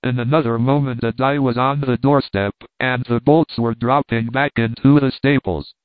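Male audiobook narrator, steady measured reading, tinny phone-like sound, dry. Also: mid-range voice, no room sound. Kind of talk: reading a classic novel aloud.

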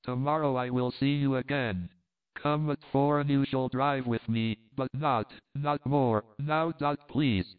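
Flirtatious foreign countess in broken English, put on by a male reader; smooth voice, tinny lo-fi sound. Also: medium pitch, fairly even intonation, a little slow, close to an everyday voice. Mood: tender.

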